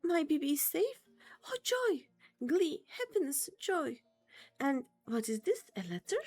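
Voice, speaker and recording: A woman's voice: high-pitched, sing-song, a little slow, a little mellow, soft background music, exaggerated voice. A woman voicing a lovesick, dramatic male kobold leader who piles up synonyms. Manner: theatrical, strings synonyms together.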